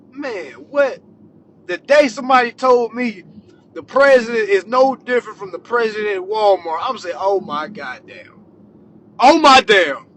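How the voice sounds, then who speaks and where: A man ranting to his followers with profane comedy, swinging between shouting and low muttering. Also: a little hiss or hum. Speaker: social media commentator. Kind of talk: profane comedic rant to camera.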